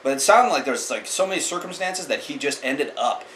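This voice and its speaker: A man's voice: fairly high pitch, animated, a little fast, a bit bright, a little hiss or hum, rough recording. A man hosting a martial arts chat channel, giving blunt, opinionated casual commentary straight to the viewer.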